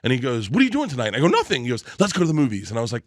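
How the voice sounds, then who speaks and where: A man's voice: mid-range voice, huge pitch swings, rapid-fire, no room sound, clean studio sound. A man telling a long comic story on a podcast, acting out the voices and laughing through it. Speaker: storytelling guest.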